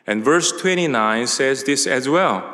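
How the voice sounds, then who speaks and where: A man delivers a sermon at a medium pitch, laying out his points one by one in a measured, deliberate way. His voice carries a long reverb, as if spoken in a large hall. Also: lively intonation, bright, forceful tone. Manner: measured, enumerating points and quoting scripture. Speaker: preacher.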